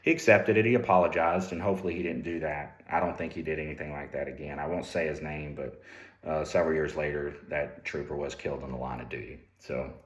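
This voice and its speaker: A man's voice: extremely low pitch, fairly even intonation, fast talker. A middle-aged man who was once a trooper tells candid stories about police ethics. He talks in a conversational way, often repeating and restarting words. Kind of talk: candid storytelling. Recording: roomy echo.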